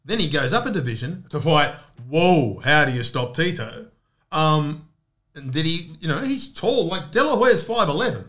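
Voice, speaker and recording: Bright-voiced host, joking and animated. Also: male voice, a little high, normal speed. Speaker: podcast host. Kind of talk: casual podcast interviewing.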